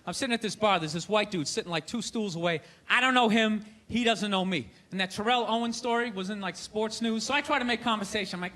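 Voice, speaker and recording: A man doing a stand-up routine on a comedy stage, ranting and incredulous, bursting into shouts. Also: high voice, a little fast. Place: comedy stage before a live audience.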